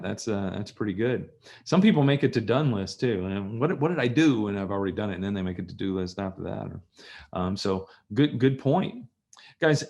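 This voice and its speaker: Gravelly-voiced man leading an online workshop. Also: lowish voice. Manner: animated storytelling, acts out dialogue. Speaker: trainer. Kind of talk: live online workshop talk. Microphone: video call.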